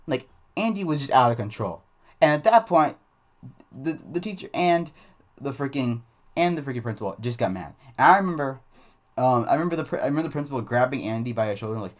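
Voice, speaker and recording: A man's voice: medium pitch, lively intonation, quick pace. Rambling man telling a school story. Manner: rambling, many fillers and restarts. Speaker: channel host. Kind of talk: casual storytime.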